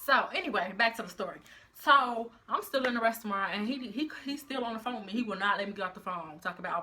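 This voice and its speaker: A young woman telling a story in a casual vlog, animated and full of slang. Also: mid-range voice, quick pace, a little hiss or hum. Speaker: vlogger.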